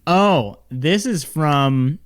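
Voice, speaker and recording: Man tossing out quick joking replies. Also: a little high, expressive, smooth, no room sound, studio quality. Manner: short, joking replies and guesses. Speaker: podcast co-host. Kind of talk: casual podcast chat.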